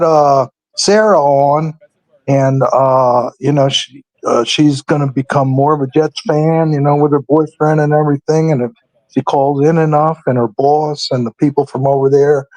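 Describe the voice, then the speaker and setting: A man calling in to a radio show, speaking slowly and hesitantly with many pauses and restarts. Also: fairly high pitch, darkish tone, no room sound, poor audio. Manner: slow, hesitant, lots of uhs and restarts. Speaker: regular caller.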